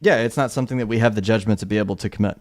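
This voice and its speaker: A man's voice: lowish voice, very fast. A man streaming a casual debate, blunt and joking.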